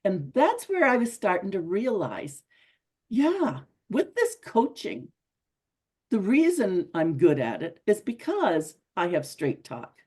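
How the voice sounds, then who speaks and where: A woman's voice: mid-range voice, wildly swooping pitch, slow pace, a little mellow, husky. A middle-aged woman giving an earnest, conversational motivational talk to a group, often repeating herself for emphasis. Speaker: speaker at a women's club.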